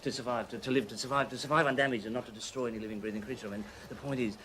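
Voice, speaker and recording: An actor playing an eccentric, childlike young man who rambles nonstop, repeating his words in a rapid stream of chatter. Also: medium pitch, fairly even intonation, fairly bright tone, a little hiss or hum, natural voice. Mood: manic rambling.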